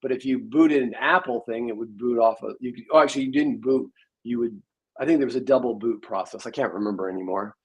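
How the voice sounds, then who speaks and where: Man, 60s, husky voice, rambling storyteller, casual interview. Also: medium pitch, quick pace, low-quality recording. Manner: rambling storyteller, many fillers. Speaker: interview guest, programmer.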